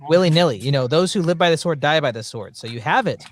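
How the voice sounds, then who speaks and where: A man's voice: fairly high pitch, animated, fast, dry recording. A man hosting a casual podcast chat, joking in a mock-preachy way. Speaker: podcast host.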